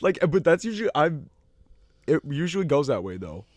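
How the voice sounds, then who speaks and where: A man's voice: fairly high pitch, big pitch swings, a little fast, a little mellow, dry recording. Give me a man co-hosting a casual podcast, rambling through funny stories with a dry, close sound. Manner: chatty anecdotal storytelling, laughs often. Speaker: podcast co-host. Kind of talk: casual chat.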